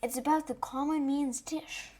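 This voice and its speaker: A woman's voice: high voice, steady tone, moderate pace, mellow. A woman co-hosting a podcast with curious, light reactions and quiz questions. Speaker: podcast co-host. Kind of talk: podcast banter.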